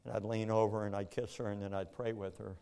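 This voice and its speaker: A man's voice: lowish voice, flat delivery, fast talker, vocal fry, warm tone, clear, resonant tone. Earnest man telling his story. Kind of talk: personal testimony.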